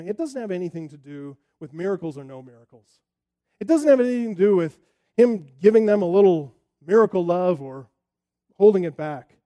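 A man preaching a sermon as pastor, expressive and full of rhetorical questions. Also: high voice.

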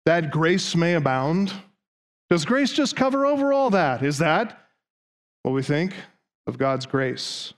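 A man's voice: on the high side, big pitch swings, slow pace. A man preaching a sermon, driving his point with long runs of rhetorical questions. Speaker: pastor.

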